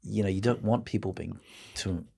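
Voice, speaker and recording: A man's voice: on the low side, moderate pace, vocal fry, dark tone, breathy edge. A middle-aged man with a New Zealand accent, a guest telling rambling, self-mocking stories in casual chat. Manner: rambling, self-mocking storyteller who laughs often.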